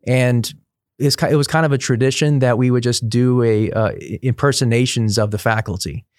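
A man's voice: mid-range voice, moderate pace, dry recording, clean studio sound. A middle-aged man, a priest, telling stories in a casual interview, chatty, laughing often and restarting his sentences. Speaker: priest guest.

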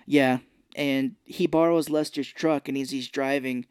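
A man's voice: mid-range voice, fairly even intonation, unhurried, darkish tone, clear, resonant tone, no echo, clean studio sound. A man co-hosting a podcast, casually recapping a film's scenes and acting out the characters' lines. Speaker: podcast co-host. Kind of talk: casual movie recap chat.

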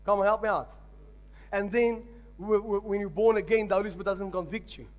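High-voiced man preaching emphatically. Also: fairly even intonation, a little fast. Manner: emphatic preaching with call-and-response. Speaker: pastor. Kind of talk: sermon.

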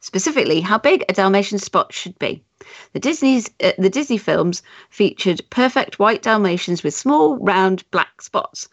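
A woman's voice: mid-range voice, lively intonation, moderate pace, dry recording, highs cut off. A woman co-hosting a casual photography podcast, reading listener emails aloud with amused asides and frequent laughs.

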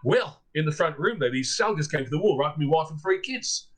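A man's voice: fairly high pitch, expressive, fairly quick. A man voicing a chatty Australian family man calling on the phone, in a story he tells. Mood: breezy.

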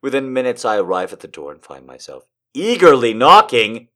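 Very animated and fairly quick, a man with a medium-pitched voice reads erotica aloud as a joke, with background noise audible. He plays it mock-dramatic, from whispers to shrieks, laughing and cursing often.

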